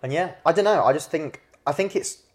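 A young man with a slightly raised voice co-hosts a podcast. He talks casually and excitably, rambling and joking as he goes. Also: on the high side, fairly quick. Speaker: podcast co-host. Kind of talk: casual chat.

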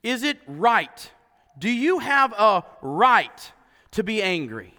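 A male pastor delivers an animated sermon, firing rhetorical questions at his congregation. His voice sits high and bright. It carries with a long echo through a church hall. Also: takes it slowly.

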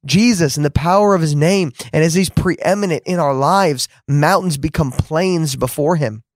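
A man's voice: on the high side, normal speed, no echo, studio quality. Fervent man preaching on a podcast. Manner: fervent, repeats words for emphasis, rising to exclamations. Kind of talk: podcast sermon.

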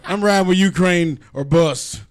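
A man's voice: high voice, moderate pace, clear, resonant tone. A man in casual podcast banter who laughs a lot and tells one-liner jokes.

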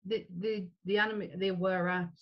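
A woman's voice: mid-range voice, steady tone, moderate pace. Brief: woman, podcast co-host, chatty, restarts a lot, dull lo-fi sound. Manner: chatty, many restarts and fillers. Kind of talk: casual film chat.

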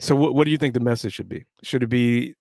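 A relaxed man co-hosts a podcast, reading out news and steering the conversation. His voice sits in a middle pitch and the sound is dry. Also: quick pace, dry recording. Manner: relaxed, playful, steers the talk. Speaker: podcast co-host. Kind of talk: casual chat and news rundown.

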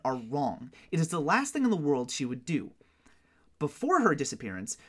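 Podcast co-host, wry and relaxed, reads news clippings aloud, pitch swinging up and down. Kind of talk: casual chat, reading news articles aloud.

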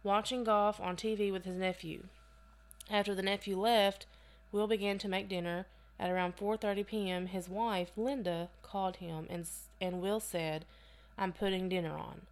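A woman co-hosts a casual true-crime podcast, reading case details aloud at an even, middling pitch. She keeps stopping to add loose, chatty asides and the odd laugh before going back to the notes. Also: moderate pace. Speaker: podcast co-host.

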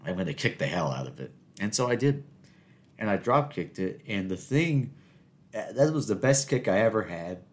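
A man's voice: lowish voice, big pitch swings, moderate pace. A young man in his twenties hosting a show, telling stories in a rambling, casual way, breaking off and restarting, and laughing at his own jokes. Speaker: podcast host. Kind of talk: casual solo storytelling.

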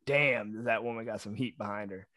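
A man co-hosting a casual chat, telling stories bluntly and excitably, with plenty of swearing. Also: on the low side, moderate pace, no room sound. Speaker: podcast co-host.

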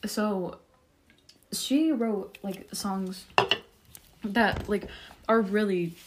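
A woman's voice: medium pitch, drawn-out words. A young woman co-hosting a casual podcast, speaking hesitantly with many fillers and often trailing off. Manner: hesitant, full of likes and ums, trails off. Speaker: podcast co-host. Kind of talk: casual chat.

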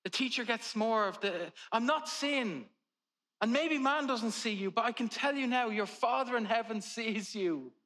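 A man's voice: extremely high pitch, sharp tone. A man, a pastor preaching a sermon in a conversational way with humorous family stories.

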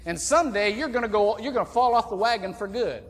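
A man from Indiana preaching a sermon as pastor, folksy and animated, with sudden loud outbursts. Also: high-pitched, quick pace. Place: church sanctuary. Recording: long church reverb.

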